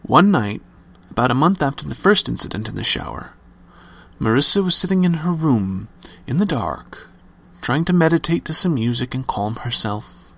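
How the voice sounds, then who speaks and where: Gravelly male horror storyteller. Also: mid-range voice, lively intonation, normal speed, a bit bright. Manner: dramatic storytelling, varied emphasis. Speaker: narrator. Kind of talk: scripted horror story narration.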